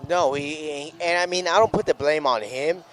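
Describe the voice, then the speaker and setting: A man's voice: a little high, moderate pace, fairly bright tone. A man co-hosting a live sports radio show, commenting on the game and repeating himself emphatically when upset.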